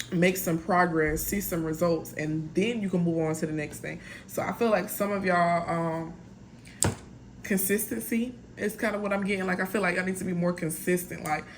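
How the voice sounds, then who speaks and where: A woman with a lowish voice does a casual tarot reading, talking straight to her viewers in a chatty, blunt way full of "y'all" and "like". There's a little hiss or hum in the audio.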